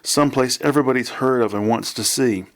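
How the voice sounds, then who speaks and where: A man voicing an excited, proud young woman artist in a raised voice. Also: mid-range voice, a little fast, natural voice.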